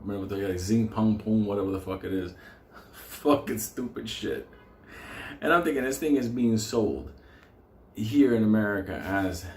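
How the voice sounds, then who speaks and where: A man's voice: on the low side, a little mellow. A man hosting a stock market show, delivering a profane, fired-up unscripted rant and breaking into laughter. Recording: roomy echo with faint noise.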